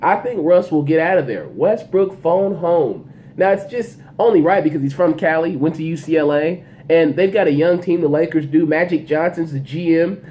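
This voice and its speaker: Guy hosting a sports podcast, kinda high voice, mellow tone, hypes up and calls out players, faint hiss behind. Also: fairly quick, hardly any pauses. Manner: animated, opinionated, talks to players directly. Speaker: sports show host. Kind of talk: solo sports commentary podcast.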